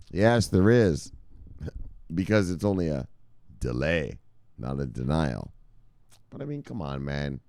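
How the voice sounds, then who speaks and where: Fired-up cursing man, lively pitch. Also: moderate pace, dry recording, studio quality. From United States. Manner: angry, cursing, swings between loud outbursts and low mutters. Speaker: crypto news host. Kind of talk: profane animated ranting commentary.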